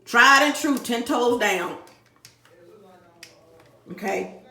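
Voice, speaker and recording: A middle-aged woman from Dallas, Texas rants in an emotional, profane, rambling vlog she recorded at home. She is a YouTuber, and her voice is a little high, very slow, pushed and bright, with a roomy sound to the room.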